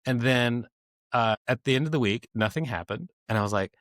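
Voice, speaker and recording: Lively storytelling man, dry sound. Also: mid-range voice, fairly quick, no echo. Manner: animated storyteller who acts out quoted voices and laughs often. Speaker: comedian and cartoonist guest. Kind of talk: conversational storytelling interview.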